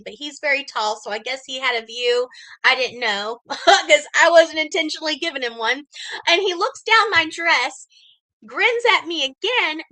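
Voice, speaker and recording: A woman telling a story on a live stream, animated and laughing, greeting viewers as she goes. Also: high voice, poor audio. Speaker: livestreamer and mystery shopper. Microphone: computer or phone mic.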